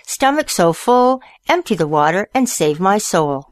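A woman voicing an angry male turkey who chants his demands in a high sing-song. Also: sing-song, unhurried, dry recording, studio quality.

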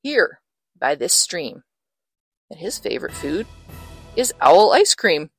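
A woman voicing a small, clever, boastful mouse in a high, squeaky voice, reading a children's storybook aloud. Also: sing-song, slow pace, a bit bright, slightly rough, soft background music, exaggerated voice. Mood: sly.

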